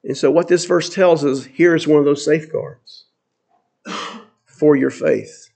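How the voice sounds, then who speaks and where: Man, pastor, high voice, sermon, earnest, emphatic, repeats phrases. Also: fairly even intonation, unhurried, vocal fry, dark tone.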